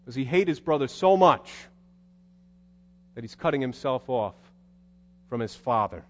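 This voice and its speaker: Male preacher, wry and animated, lively pitch, big reverberant hall. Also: a little slow. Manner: conversational, wry, animated storytelling. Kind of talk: sermon.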